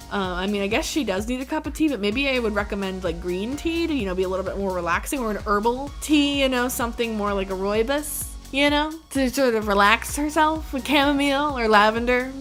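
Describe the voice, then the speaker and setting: A chatty woman vlogger telling a storytime tale in a slightly high voice, casual and quick to laugh, her talk full of "like" and "you know". Soft music plays faintly behind her. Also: animated.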